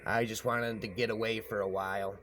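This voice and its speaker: A man's voice: lowish voice, flat delivery, brisk, fairly bright tone, a little hiss or hum. A man telling a rambling story aloud, often repeating himself and tagging lines with "man". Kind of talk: rambling spoken horror story.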